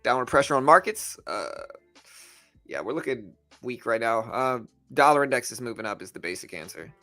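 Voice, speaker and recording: A man's voice: medium pitch, animated, normal speed, bright, forceful tone, faint music behind. A young man from Louisiana hosting a live trading stream, chatting loosely and answering viewer comments. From Louisiana, USA. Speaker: livestream trading host. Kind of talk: casual live-stream chat.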